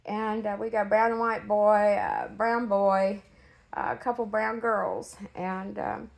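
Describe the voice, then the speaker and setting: A middle-aged woman who breeds dogs, talking to her followers in a halting, emotionally shaken way, with many fillers and restarts. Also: medium pitch, little pitch movement, vocal fry. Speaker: dog breeder. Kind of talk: casual direct-to-camera update.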